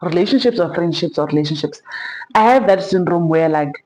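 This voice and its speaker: A young woman with a South African accent recounts her story in a sit-down vlog, speaking in a notably low register. She tells it with lively, animated energy and slips Zulu slang into her English. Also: fairly quick, poor audio. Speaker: vlogger.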